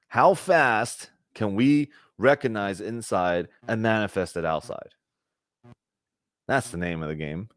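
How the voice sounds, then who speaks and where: A man's voice: lowish voice, no room sound, clean studio sound. A man giving a conversational spiritual talk to a group, often checking in with "right?" and acting out little bits of dialogue. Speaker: spiritual teacher.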